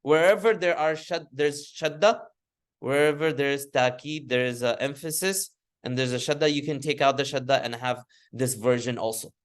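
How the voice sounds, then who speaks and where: A man's voice: medium pitch, normal speed. A man teaching a grammar lesson in a classroom lecture style. He speaks patiently, restating his points often, with frequent fillers and restarts. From United States. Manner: patient, repeats and reformulates points with many fillers.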